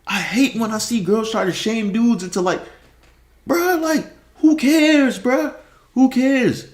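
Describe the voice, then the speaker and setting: A man's voice: high-pitched, sing-song, unhurried, echoey room. A man ranting in casual slang on a stream, repeating himself and laughing often. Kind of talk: casual rant.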